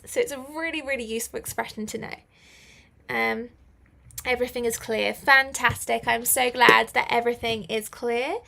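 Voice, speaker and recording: A woman's voice: fairly high pitch, vocal fry, bright, forceful tone. A young British woman teaching English in a live online lesson, encouraging learners and praising them often with light laughs.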